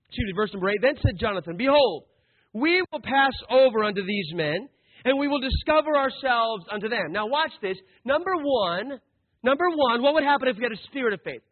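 Man, pastor preaching, animated storytelling, very high voice, phone-like tinny audio. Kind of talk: sermon.

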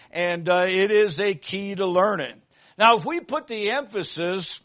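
A male pastor preaching a sermon, asking the congregation questions and moving between loud emphasis and quiet asides. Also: high-pitched, muffled recording.

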